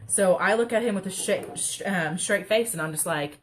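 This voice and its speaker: A woman's voice: fairly low pitch, moderate pace, hardly any pauses. A young woman, rambling and joking through a casual live craft chat. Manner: rambling, chatty, self-mocking humor. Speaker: craft livestream host. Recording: faint background noise.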